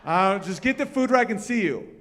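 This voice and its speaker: A man's voice: high-pitched, lively intonation, brisk, fairly bright tone, long reverb tail, a little hiss or hum. A man voicing a bossy, distrustful cavewoman who scolds her partner with profanity. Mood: scolding.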